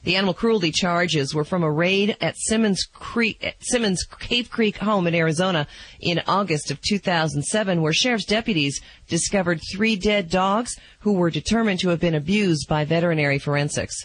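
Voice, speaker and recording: A man's voice: high voice, moderate pace, a bit bright, low-quality recording. Man reading radio pet news. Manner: jokey asides between news items. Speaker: news reporter.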